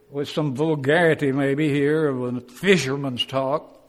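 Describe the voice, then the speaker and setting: A man teaches a Bible class in a plain, folksy way, acting out the quotes he tells. His voice sits somewhat high for a man. The sound trails off in the long reverb of a church hall. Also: expressive, a little slow, fairly bright tone. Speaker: preacher.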